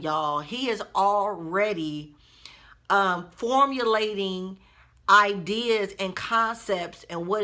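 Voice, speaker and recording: Bright, chatty woman vlogger. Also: mid-range voice. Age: adult mother. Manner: chatty, expressive, addresses viewers directly. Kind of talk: casual storytime vlog.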